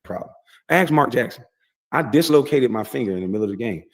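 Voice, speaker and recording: A man's voice: medium pitch, lively intonation, quick pace. A man, heard in a played clip, casually telling boastful, rambling stories with heavy profanity. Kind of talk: casual storytelling.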